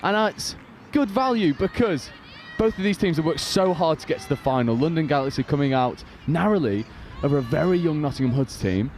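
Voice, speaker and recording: A man giving live play-by-play commentary on a sports match, calling the action quickly and with energy. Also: on the high side, animated, a little mellow, a little hiss or hum.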